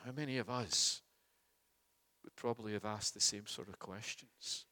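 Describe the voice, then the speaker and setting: Emphatic preacher in an echoing church. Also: male voice, fairly low pitch, normal speed, long pauses, bright, forceful tone. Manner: emphatic, rhetorical, repeats words. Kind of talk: expository sermon.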